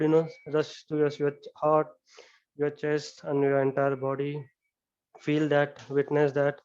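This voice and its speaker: A man leading a guided yoga relaxation, talking slowly and calmly with many "you know"s. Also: fairly high pitch, clean tone, dull audio. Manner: slow, calm step-by-step guidance with frequent "you know". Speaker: yoga instructor. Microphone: camera mic.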